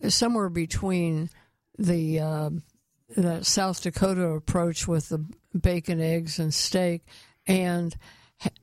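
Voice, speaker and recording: A woman's voice: lowish voice, fairly even intonation, a little mellow, no room sound. A woman interviewing a guest, with hesitant phrasing and fillers. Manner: hesitant, filling pauses with um and uh. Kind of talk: conversational interview.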